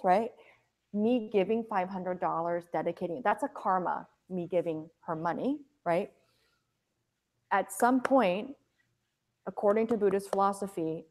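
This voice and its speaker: A young adult woman giving a casual, conversational Buddhist teaching, sometimes acting out quoted voices. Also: mid-range voice. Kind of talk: casual dharma talk.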